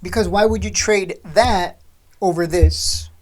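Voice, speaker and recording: A woman's voice: lowish voice, a little slow. A woman hosting a stock trading channel, talking straight to the viewer in a blunt, scolding, sarcastic rant.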